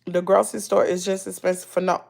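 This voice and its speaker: A woman's voice: fairly low pitch, level tone, quick pace, gravelly, darkish tone. A woman with a Southern US accent chatting casually to her livestream viewers, folksy and preachy, repeating herself for emphasis. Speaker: YouTuber talking to live chat.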